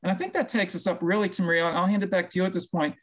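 A man's voice: high-pitched, fairly even intonation, rapid-fire, fairly bright tone, rough recording. A man co-hosting a casual talk show, talking in long, winding stretches that often correct themselves. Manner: talkative, long-winded, self-correcting. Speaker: co-host. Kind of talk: casual chat.

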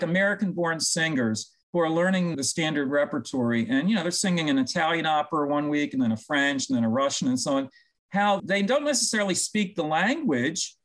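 A man with a somewhat high-pitched voice co-hosts a relaxed talk show. He talks in long, winding stretches and often restarts a thought partway through. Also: a little fast, low-quality recording. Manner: talkative, long-winded, self-correcting. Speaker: co-host. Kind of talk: casual chat.

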